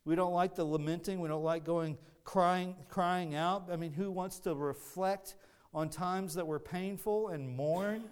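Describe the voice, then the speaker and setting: Earnest high-voiced male preacher. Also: steady tone, unhurried, clear, resonant tone. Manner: earnest, teaching with many restarts. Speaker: pastor. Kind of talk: sermon.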